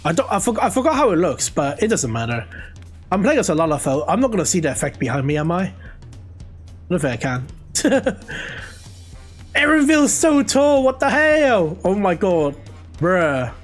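A young man streaming a game, chatting casually with viewers and reacting excitedly as he plays. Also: fairly high pitch, a little fast, husky, faint music behind. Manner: chatty, excitable, talks to chat while playing. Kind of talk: casual live gameplay commentary.

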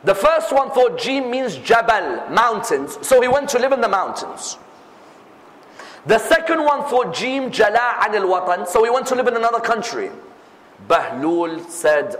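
A male preacher telling stories in a sermon, acting out each character with lively delivery. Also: high-pitched, moderate pace. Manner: animated, acts out every character. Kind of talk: sermon storytelling. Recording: echoey hall reverb.

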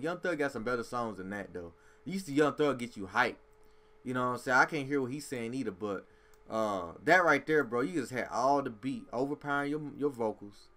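A man's voice: medium pitch, a little fast. A man hosting a music reaction video, giving blunt, emphatic opinions in casual street slang. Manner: animated, emphatic street slang, says "bro" often.

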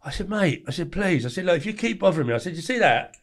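A man in his forties from England, a podcast guest telling a story in a blunt, lively way and acting out the lines of others. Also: high voice, fast, vocal fry. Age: 40s. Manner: blunt, animated storyteller who acts out quoted lines. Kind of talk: storytelling interview.

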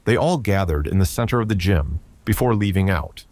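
A man narrating a science fiction story with a steady, even delivery. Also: low voice, a little fast, dry recording. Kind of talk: scripted narration.

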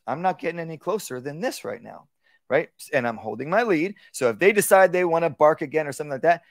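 A man teaching a live workshop on dog training, talking casually and acting out calm, low commands to a dog. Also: no room sound. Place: outdoor workshop.

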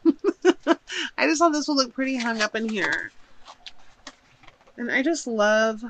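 A woman's voice: fairly high pitch, animated, slow, background noise. A woman chatting casually while unboxing a shopping haul at home, gushing and thinking aloud as she unpacks. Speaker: haul vlogger.

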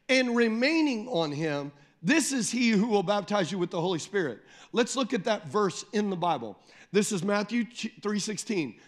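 Man, pastor, high voice, emphatic sermon, repeats phrases, slows to read scripture. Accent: Midwestern American. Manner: slows down and lifts the voice when reading scripture.

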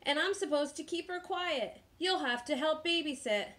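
A woman's voice: high voice, moderate pace, a bit bright, pitched above the performer's own voice. A woman voicing an earnest young boy speaking up with an eager, raised voice. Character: earnest young boy telling his story.

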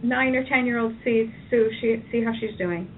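A woman practitioner calmly guiding a client through a tapping session, giving phrases to repeat. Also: a little high, normal speed, slight background noise. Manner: calm, directive, leads phrases to repeat. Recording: tinny phone line from a distance.

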